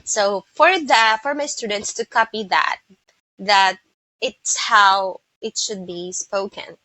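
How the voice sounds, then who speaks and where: Slow, bright Filipino woman teaching. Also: medium pitch, no echo, low-quality recording. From Philippines. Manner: slow, repeats words to model pronunciation. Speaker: English teacher. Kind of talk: pronunciation lesson.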